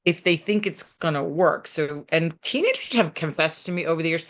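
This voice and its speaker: A middle-aged woman therapist giving parenting advice in an animated, chatty way, full of restarts and asides. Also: low voice, moderate pace, hardly any pauses. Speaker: therapist in private practice. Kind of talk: conversational advice talk. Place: local community TV program.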